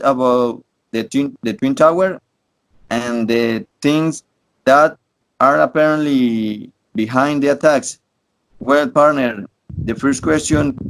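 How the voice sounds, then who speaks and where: A man's voice: a little high, low-quality recording. Hesitant young man moderating a debate. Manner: hesitant, repeats words. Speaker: student moderator. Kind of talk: class debate in English.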